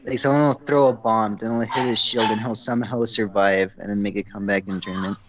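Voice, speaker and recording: A man's voice: lowish voice, fairly even intonation, quick pace, muffled recording, background noise. A young man chatting casually with a friend, joking and wry. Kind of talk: casual chat.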